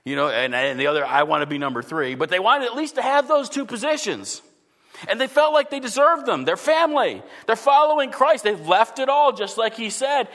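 High-voiced preacher in a reverberant hall. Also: male voice, big pitch swings, brisk. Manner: earnest preaching that swings from forceful to hushed. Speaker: pastor. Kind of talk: sermon.

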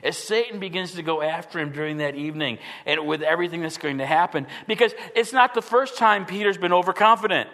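A man's voice: a little high, fast, hardly any pauses, pushed and bright. A man preaching a sermon as a pastor, earnest and full of rhetorical questions, acting out the quotes he tells.

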